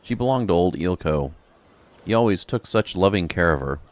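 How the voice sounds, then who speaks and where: A man's voice: sits low, expressive, moderate pace, a little mellow. A man reading out a game's dialogue while voicing a chatty, dramatic townswoman who witnessed a crime. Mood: mournful. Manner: chatty, dramatic, pious exclamations. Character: gossipy upset townswoman, a witness. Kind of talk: reading game dialogue aloud.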